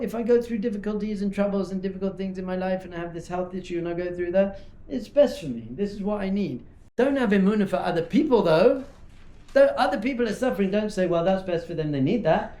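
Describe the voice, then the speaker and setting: In a yeshiva talk hall with a noticeable echo, a rabbi gives a lively, informal teaching talk, speaking fast and conversationally. His voice is fairly high for a man yet mellow, and he keeps slipping into small acted-out dialogues to make his points.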